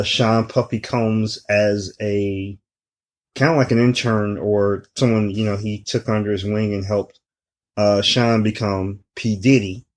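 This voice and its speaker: A man in his forties co-hosting a podcast, talking in an unhurried, casual way with many fillers. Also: on the low side. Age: 40s. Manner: unhurried, laid-back delivery with many fillers. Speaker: podcast co-host. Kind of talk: casual chat.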